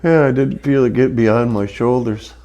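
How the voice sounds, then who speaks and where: A man's voice: medium pitch, steady tone, moderate pace, mellow, highs cut off. A man reacting as a chiropractic patient, emotional and relieved, exclaiming and sighing in awe. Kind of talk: spontaneous reactions during treatment.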